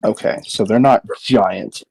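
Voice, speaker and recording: A man's voice: fairly low pitch, a little slow, vocal fry, darkish tone, husky, low-quality recording. A man playing a tabletop game, talking hesitantly and swearing when things go wrong. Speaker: player. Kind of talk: tabletop role-play chat.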